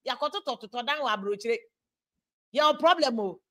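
A woman's voice: a little high, lively intonation, normal speed, fairly bright tone. A woman with a Ghanaian accent giving a passionate, preachy political monologue, switching between Twi and English. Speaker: political commentator.

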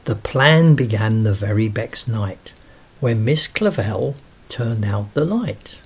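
A man's voice: lowish voice, expressive, slow, darkish tone, husky. A man reading a rhyming children's story aloud in a sing-song way.

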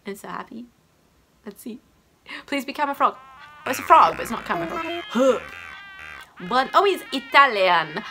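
A woman's voice: high voice, animated, moderate pace, long pauses, background noise. A woman giving casual, gushing and giggly commentary over her gameplay. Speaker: gaming YouTuber. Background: game music.

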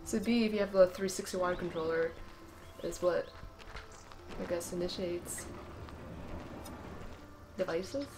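Woman, let's-play commentator, slow and sarcastic, banters with the game, faint background hiss. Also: fairly low pitch. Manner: sarcastic, talks to the game, laughs and yelps often. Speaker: gameplay commentator.

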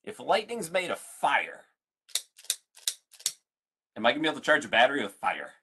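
A man's voice: mid-range voice, wildly swooping pitch, moderate pace, pushed and bright, husky. A man, a museum science educator, leading an online family science lesson, playful and full of questions for his audience.

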